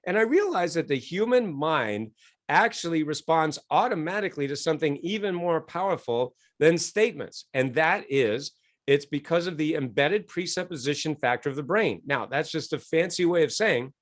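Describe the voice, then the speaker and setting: A middle-aged man speaks as an interview guest in a slightly higher register. He tells stories with lively energy, acting out quoted voices and laughing often. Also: moderate pace.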